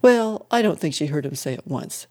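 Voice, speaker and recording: A scornful church gossip scoffs at the rumors, as a reader puts her on. She speaks with firm confidence in a mellow, dark voice. It comes from an old-fashioned storybook. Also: mid-range voice, animated, normal speed, lightly acted. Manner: scornful and sure of herself.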